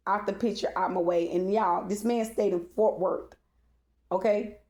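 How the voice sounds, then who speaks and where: A woman's voice: medium pitch, steady tone, normal speed, a little mellow. Rambling woman telling a story. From Texas. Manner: rambling, many fillers, addresses the audience directly, profane. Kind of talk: casual storytime monologue.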